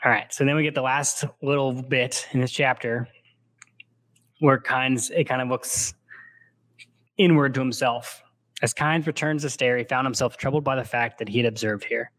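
Male co-host, casual book chat, animated retelling with read-aloud bits, mid pitch. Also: normal speed, dry recording. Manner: animated retelling, slips into character quotes.

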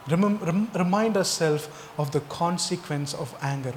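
Putting forceful rhetorical questions to his congregation, a pastor preaches at a moderate pace with few pauses. His slightly high voice echoes with long reverb as if in a big hall, over faint background noise.

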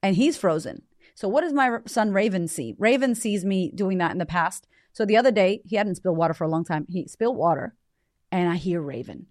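A woman's voice: mid-range voice, a little fast, a little mellow, no echo, studio quality. A woman in her thirties hosting a podcast, talking to parents in a blunt, emphatic way and swearing casually. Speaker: podcast host. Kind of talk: casual motivational talk.

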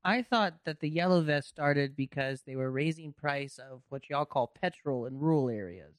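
A man's voice: a little high, lively intonation, normal speed, no room sound. A man who is a comedian guest on a podcast, talking in crude, joking banter. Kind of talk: casual chat.

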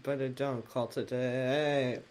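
A young woman co-hosting a podcast in casual chat, giggly and jokey, quick to argue a point. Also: rumbling low, steady tone, darkish tone, a little hiss or hum. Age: young adult. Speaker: podcast co-host.

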